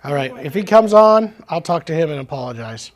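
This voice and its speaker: A man with a fairly high voice hosts a relaxed livestream from a music shop. He chats loosely with his co-host, teases himself and laughs easily between remarks. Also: fairly quick. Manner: jokey and self-teasing, laughs often. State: out of breath at first. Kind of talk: casual livestream chat.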